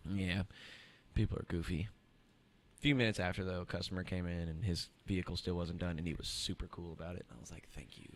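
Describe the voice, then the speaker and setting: A young man in casual chat, telling an animated story and acting out the voices of the people in it. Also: deep voice, fast talker. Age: young adult. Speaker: podcast co-host.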